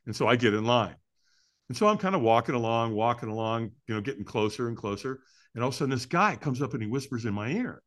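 A man who is a podcast guest, telling a story in an excitable way, acting it out with sound effects and laughs. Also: mid-range voice, fast talker. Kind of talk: animated storytelling.

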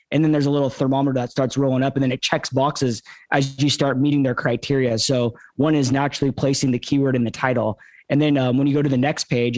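A man's voice: mid-range voice, a little mellow, no echo. A man co-hosting a podcast in casual talk, using many fillers like "uh" and "um". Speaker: podcast co-host.

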